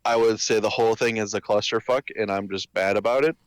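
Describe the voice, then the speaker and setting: A young man as a guest in casual chat, telling a story slowly and haltingly. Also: fairly low pitch, steady tone, clean tone, no room sound.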